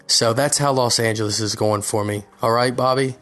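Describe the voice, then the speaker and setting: Man, young adult, self-deprecating, rambling comic monologue, mid-pitched voice, faint background music. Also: steady tone, moderate pace, a bit bright. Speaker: comedian recording a guest spot. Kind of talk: casual comedic monologue.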